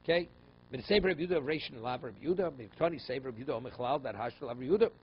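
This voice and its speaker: A male rabbi with a medium-pitched voice races through a Talmud class, reading Aramaic passages and explaining them in English while often checking in with "okay?" and "right?". The recording is slightly dull, with faint room noise.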